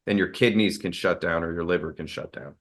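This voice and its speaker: In a deep, fairly quick voice, the martial arts expert shares candid stories as a guest on an interview show. His delivery rambles, with lots of fillers and restarts.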